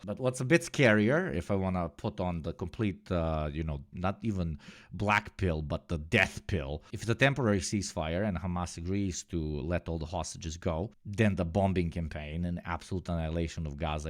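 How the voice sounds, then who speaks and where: A man streaming live, reacting to news in a sardonic tone, swearing and swinging from low mutters to loud outbursts. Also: no room sound, clean studio sound.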